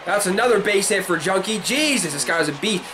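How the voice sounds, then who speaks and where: A man giving live gameplay commentary, excitable, swearing and shouting at the game. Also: high-pitched, a little fast. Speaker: gaming commentator. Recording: game crowd noise behind. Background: stadium crowd from the game.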